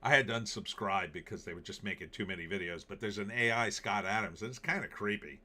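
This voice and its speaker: A man's voice: lowish voice, quick pace, bright, forceful tone. A male host doing casual commentary in a sarcastic, rambling way. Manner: sarcastic, rambling, with frequent fillers. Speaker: show host. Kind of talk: casual political and movie commentary.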